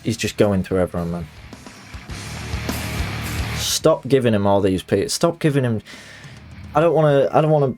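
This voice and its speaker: A man's voice: medium pitch, expressive, normal speed, pauses often, music in the background. A young man chatting casually while streaming a fighting game, joking and putting on voices. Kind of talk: live game commentary.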